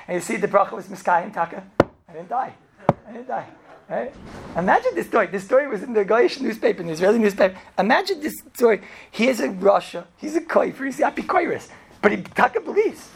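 A man with teaching a class as a rabbi, telling stories in a lively way and often asking "right?". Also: high-pitched, fast talker, gravelly, slight background noise. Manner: animated, acts out characters, frequent "right?" and "you know". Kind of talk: storytelling Torah class.

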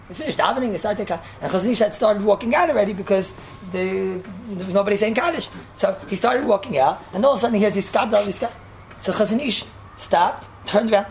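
A woman teacher giving a casual religious talk, telling stories in an animated way and mixing in Hebrew and Yiddish terms. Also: background noise. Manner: jumps to high pitch when acting out story lines. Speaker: seminary teacher.

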